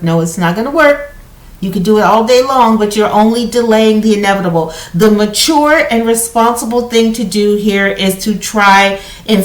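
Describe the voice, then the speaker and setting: Chatty woman reading cards in a roomy space. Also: mid-range voice. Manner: chatty, conversational, heavy use of "you know" and "okay?". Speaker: tarot card reader. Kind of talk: casual spoken card reading to viewers. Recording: roomy echo.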